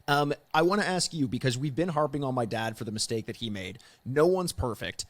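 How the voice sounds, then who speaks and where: A young man hosts a podcast in an easygoing, chatty way, moving the talk along with questions. His voice sits at an ordinary middle pitch. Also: lively intonation, a little fast, dry recording. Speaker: podcast host. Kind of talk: casual podcast interviewing.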